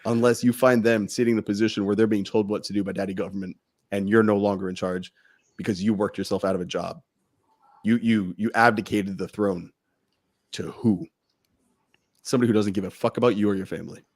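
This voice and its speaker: A podcast co-host with a lowish, darkish voice speaks briskly in a steady tone. His impassioned rant is blunt and laced with swearing, building to heated outbursts.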